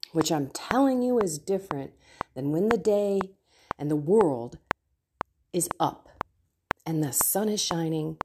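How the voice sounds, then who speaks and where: A middle-aged woman hosting a faith podcast, talking earnestly about her prayer life with personal stories and soft asides. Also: on the low side, background noise. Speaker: Catholic podcast host. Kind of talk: reflective faith talk.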